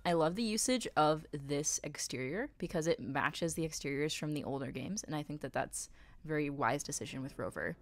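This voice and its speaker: Female game streamer, slightly low voice, effusive and theatrical in her reactions. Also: fairly quick. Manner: gushing, playful, dramatic reactions. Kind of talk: live-stream commentary.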